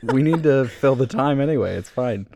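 A man's voice: medium pitch, expressive, normal speed, vocal fry, dark tone, slight background noise. A man from New York co-hosting a podcast, chatting casually and wryly, full of hesitations and fillers. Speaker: podcast co-host. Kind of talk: casual chat.

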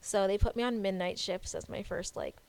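A woman's voice: mid-range voice, fairly quick, creaky. A woman in her twenties telling a story in casual chat, with many "like" fillers. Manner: chatty, animated storytelling with laughs and "like" fillers.

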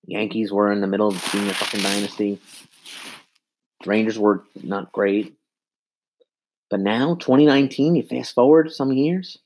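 A man's voice: lowish voice, moderate pace, pauses often, darkish tone. A man in his twenties giving an exasperated, profane sports rant into a handheld mic, repeating himself. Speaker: sports fan vlogger.

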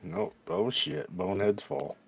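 A man's voice: mid-range voice, very animated, measured pace, creaky, breathy edge. A man co-hosting a casual podcast, trading crude, profane banter and laughing often. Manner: former bar-band musician. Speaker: podcast co-host. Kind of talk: casual chat.

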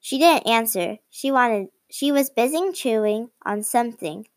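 A woman reading a children's chapter book aloud in a slow, careful storybook manner. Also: a little high, expressive, no room sound. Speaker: reader.

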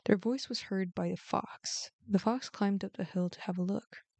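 Female storyteller for a bedtime show, gentle expressive reading, middle pitch, dry booth sound. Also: normal speed, creaky, no room sound. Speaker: host and storyteller.

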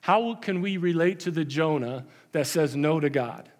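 A man's voice: a little high, normal speed, darkish tone. A man preaching a sermon as pastor, conversational with emphatic repetition. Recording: long hall reverb.

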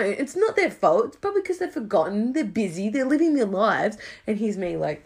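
A young woman, chatting casually, swearing a lot and swinging between loud outbursts and low mutters. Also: big pitch swings, fairly quick, hardly any pauses. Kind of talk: casual chat.

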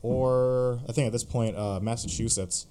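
A man's voice: mid-range voice, steady tone, normal speed, mellow. A man co-hosting a gaming podcast in a loose, joking way, swearing casually. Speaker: podcast co-host.

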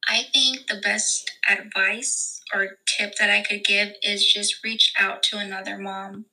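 A young woman guest in a casual chat, talking in an emotional, halting way with many fillers. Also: medium pitch, level tone, sharp tone, poor audio. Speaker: podcast guest.

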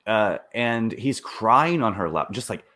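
A man co-hosting a casual chat, telling a story with animated delivery and acted-out quotes. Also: a little slow. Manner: animated, acts out quotes with swooping pitch. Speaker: podcast co-host.

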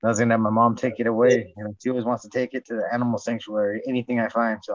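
A man's voice: mid-range voice, little pitch movement, very fast, few pauses, no room sound. A man telling rambling, profane stories in casual chat and acting out what people said. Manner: profane storytelling, acts out quotes. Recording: dull dry lo-fi sound.

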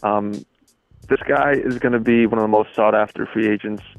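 Low-voiced man, dull lo-fi sound. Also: steady tone, normal speed, soft background music. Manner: confident, emphatic opinions. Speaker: guest sports writer. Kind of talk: casual sports chat.

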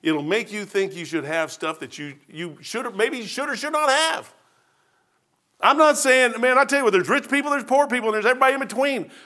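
A man's voice: extremely high pitch, a little fast, sharp tone. A man preaching a sermon in a church, telling folksy, self-deprecating stories with humor. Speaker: pastor.

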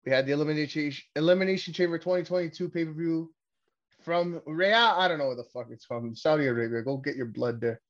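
A man from Canada hosting a casual wrestling podcast, talking in a rambling, profane way that keeps getting excitable. His voice sits a little high for a man. The recording sounds dull and lo-fi. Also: fast. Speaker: podcast host.

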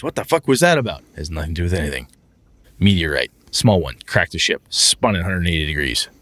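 A man chatting casually about running tabletop games, animated and profane, often acting out his players in a raised, excited voice. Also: low voice, no echo. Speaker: podcast co-host, game master.

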